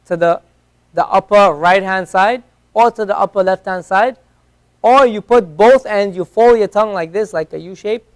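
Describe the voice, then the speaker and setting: A man's voice: sits high, clear, resonant tone. A man teaching an Arabic class, patiently drilling each letter sound again and again for his learners in a classroom. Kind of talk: classroom lesson.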